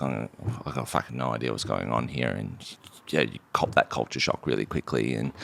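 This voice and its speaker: Australian man, very low, gravelly, dry studio sound, sweary rambling founder. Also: a bit bright, no echo. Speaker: company founder, podcast guest. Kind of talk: casual podcast conversation.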